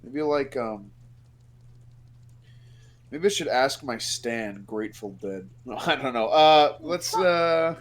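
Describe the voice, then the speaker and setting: A man's voice: medium pitch, expressive, slow, long pauses. A young man riffing in casual banter over gameplay, rambling and laughing often. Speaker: let's play commentator. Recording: game music underneath.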